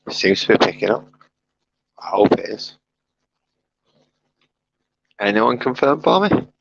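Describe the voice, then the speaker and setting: Husky low-voiced man streaming. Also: very animated, measured pace, dull audio. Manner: rambling, mutters to himself while fiddling with kit. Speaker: streamer painting miniatures. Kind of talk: casual live-stream chat. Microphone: wired headset.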